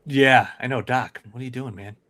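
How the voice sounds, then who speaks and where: A man's voice: medium pitch, normal speed, fairly bright tone, no echo, clean studio sound. A man co-hosting a casual online show, easygoing and full of "yeah" and "all right" as he reviews photos. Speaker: podcast co-host reviewing toy photos. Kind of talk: casual chat.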